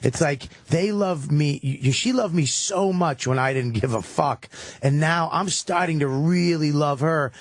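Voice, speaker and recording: A man in casual radio banter, telling stories with lots of acted-out quotes and a husky voice. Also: fairly high pitch, a little slow, dry recording. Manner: animated storytelling, acts out quotes. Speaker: guest comedian.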